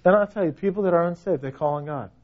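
A man preaching a sermon, dramatic, swinging from hushed words to loud cries. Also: on the high side, fast talker, narrow, tinny audio.

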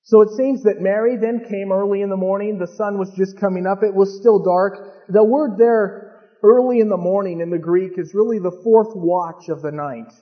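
A pastor preaching a sermon, moving from calm scripture teaching to fervent, emphatic preaching. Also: male voice, high voice, moderate pace. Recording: dull lo-fi recording with long hall reverb.

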